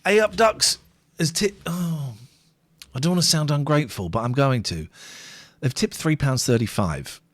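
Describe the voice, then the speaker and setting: Brief: male co-host, casual late-night stream chat, animated delivery, dry close mic. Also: fairly high pitch, moderate pace, no room sound. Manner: chatty, wry, reads out tips and comments. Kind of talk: casual chat, reading out viewer comments.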